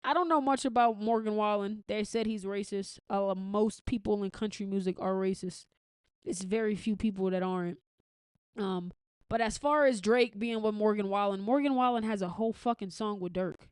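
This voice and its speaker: A woman's voice: medium pitch, normal speed, a little mellow, smooth, no echo. Blunt, profane woman podcast host. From United States. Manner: opinionated, blunt and profane, with frequent restarts. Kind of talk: casual commentary.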